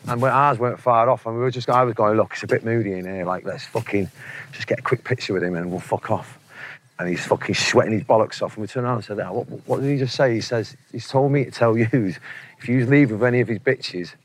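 A man's voice: mid-range voice, fast talker, slight background noise. Mancunian musician in his forties, swearing and laughing through anecdotes, faint ambience behind. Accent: Manchester. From England. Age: 40s. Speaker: interview guest, musician. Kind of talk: casual storytelling interview.

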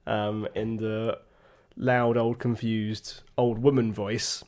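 A man's voice: on the low side, little pitch movement, takes it slowly, darkish tone. A young man co-hosting a casual podcast chat, telling an everyday story in a dry, understated way. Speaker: podcast co-host.

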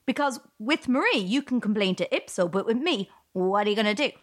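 Brief: female comedian host, animated, sarcastic scripted delivery. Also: mid-range voice, a little fast, no room sound, studio quality. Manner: sarcastic, laughs often. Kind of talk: scripted comic podcast narration.

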